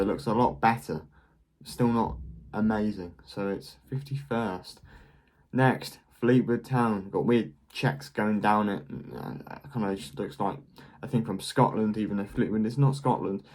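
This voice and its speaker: A young man hosting a casual vlog, tossing out quick, blunt verdicts with a dry, jokey edge. His voice sits a little low for a man. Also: a little mellow. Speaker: football kit reviewer, channel host. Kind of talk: casual vlog ranking commentary.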